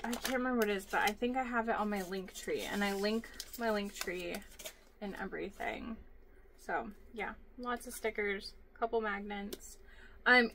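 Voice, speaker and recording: A woman with a slightly high, sharp voice vlogs casually from her home sewing office, recorded on a phone camera. She rambles chattily through her craft work, using lots of fillers.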